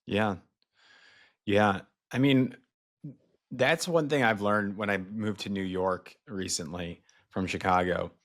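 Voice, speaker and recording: Man, podcast host, low voice, casual, encouraging questions. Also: slow pace, long pauses, fairly bright tone. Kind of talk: casual interview.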